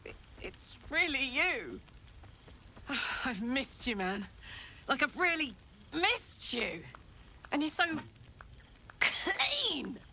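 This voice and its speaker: An actress voicing a boisterous, swearing, affectionate tiefling warrior woman in a video game, loud and blunt, laughing easily. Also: high-pitched, very animated, very slow, pauses often, a little hiss or hum, heavily acted. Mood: fond, excited.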